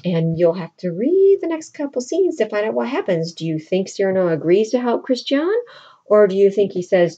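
A woman teacher retelling a play for her class, animated and chatty, peppered with "like". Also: medium pitch, normal speed, slightly rough, dull audio. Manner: animated storytelling with lots of "like". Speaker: literature teacher.

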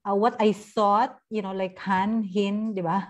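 A woman's voice: medium pitch, steady tone, a little slow. A woman speaking on an online panel over a video call, hesitant and searching for words.

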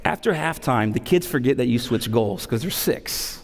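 A man in his thirties, a pastor preaching a sermon, animated and repeating key phrases for emphasis between humorous stories. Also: mid-range voice, moderate pace. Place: church sanctuary. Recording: long hall reverb.

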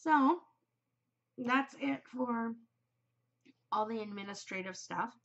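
A woman's voice: fairly high pitch, slow, gravelly, dull audio. A woman in her forties hosting a knitting podcast in an upbeat, chatty way, her nose a bit stuffed from a cold. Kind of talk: casual chat.

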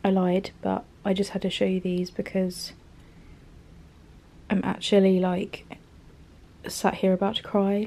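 A woman chatting in a studio vlog, excited and emotional, often laughing and dropping to soft whispers. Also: medium pitch, slow pace, long pauses. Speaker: small business owner vlogging. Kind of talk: casual studio vlog chat.

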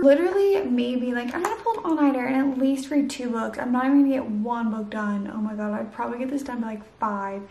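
Tired chatty young woman with a gravelly voice. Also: a little high, a little mellow. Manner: chatty, rambling, frequent "like" and "literally". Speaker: book vlogger. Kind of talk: casual late-night vlog chat.

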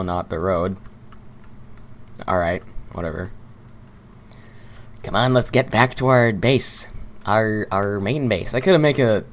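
A young man giving casual gameplay commentary, rambling and repeating himself while he plays, often laughing. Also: sits low. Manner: rambling and repetitive, talking to himself, with bursts of laughter.

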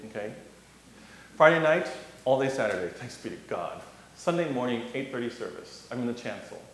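Man, storytelling address, animated, voices the people in it, very echoey hall. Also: mid-range voice, moderate pace. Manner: animated, acts out voices, laughs through his story. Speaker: guest speaker on youth ministry. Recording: echoey hall, faint hiss.

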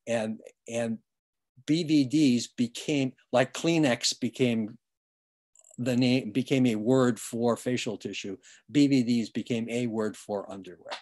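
This online music history lecture comes from a man whose mid-range voice is a little mellow. He explains patiently, frequently restarts or fills pauses, and now and then hums a beat.

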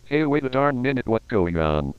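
A man voicing a whiny cartoon character in a meme parody, reading stage directions in a flat monotone, on dull lo-fi audio. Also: medium pitch, normal speed, slight background noise, natural voice.

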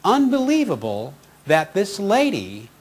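Inspirational speaker and radio host, male, higher-pitched, very expressive storyteller, light music bed. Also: measured pace. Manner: animated, heartfelt storytelling with acted-out quotes.

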